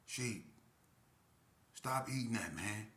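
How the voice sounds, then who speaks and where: A man doing his blunt, quiet buddy. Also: fairly low pitch, expressive, slow pace, echoey room. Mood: quiet, serious.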